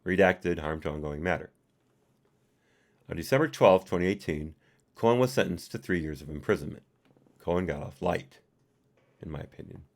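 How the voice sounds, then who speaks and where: A man's voice: deep voice, normal speed, pauses often. A man doing a live reading of a report, reading the punctuation aloud and adding his own asides. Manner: reads punctuation aloud and adds personal asides. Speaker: reader and commentator.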